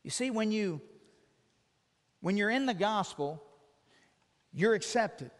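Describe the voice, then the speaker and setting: A man's voice: sits high, lively intonation, slow pace, long reverb tail. A man preaching a sermon, earnestly explaining with illustrations and putting direct questions to his listeners.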